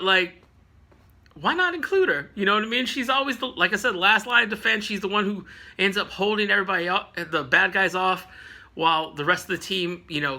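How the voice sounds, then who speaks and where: A man casually recapping a comic book issue, animated and jokey, laughing often and dropping into playful voices for the characters. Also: sits high.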